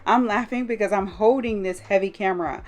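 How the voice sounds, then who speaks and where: A jet-lagged woman hosting a casual vlog from her closet room at home, talking straight to her viewers in an animated way. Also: mid-range voice, a little fast. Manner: animated, talks straight to viewers with repeated yeses and listens. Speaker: vlogger host. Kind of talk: casual chatty vlog to camera.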